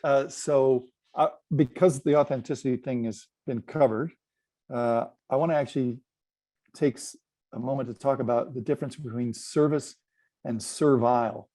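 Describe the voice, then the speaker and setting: A man's voice: mid-range voice, moderate pace, dry recording. A man speaking as a guest on a panel, telling an anecdote and drawing lessons from it in a reflective, playful way. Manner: reflective, lively storyteller with playful asides.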